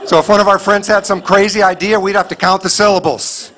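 A man performing a stand-up comedy set to a live audience, punchy and loud, acting out little bits of dialogue. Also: high voice, fairly even intonation, a little fast. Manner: loud, punchy delivery with voiced bits and asides. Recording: live show with crowd noise. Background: audience laughter.

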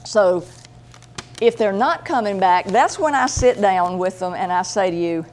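Woman, animal medium, casual anecdotal talk, lively and chatty, mid-range voice. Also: mid-range voice, measured pace, a little hiss or hum. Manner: chatty, animated, acts out voices in her stories.

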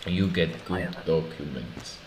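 Man playing a stern border guard, thick Polish accent, low and unhurried, roomy room with noise behind. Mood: mocking. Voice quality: clipped broken English. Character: curt stern male border inspector, broken English.

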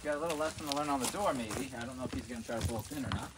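A man working as a dog trainer outdoors, coaching a dog and explaining his steps, swooping into high sing-song praise. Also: racing. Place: outdoors in a rural field. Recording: distant mic with loud outdoor noise.

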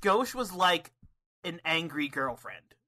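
A man co-hosting a podcast, chatting excitedly about matches, laughing often and restarting his sentences. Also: a little high, slow. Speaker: podcast co-host. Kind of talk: casual chat recapping wrestling matches.

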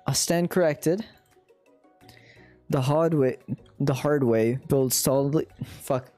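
A man's voice: medium pitch, takes it slowly, long pauses, warm tone, no room sound, faint music behind. Laughing, swearing young male streamer. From India. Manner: playful, swears, laughs a lot. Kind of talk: casual game stream chat, reading aloud.

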